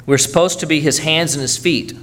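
A man's voice: a little high, steady tone, brisk, a bit bright, a little hiss or hum. A man preaching a sermon earnestly, urging his congregation and checking in with frequent "okay?" tags.

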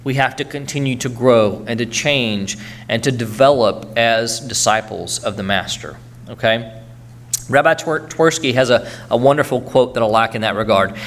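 A man's voice: mid-range voice, moderate pace, fairly bright tone. A man preaching a sermon earnestly, urging his congregation and checking in with frequent "okay?" tags.

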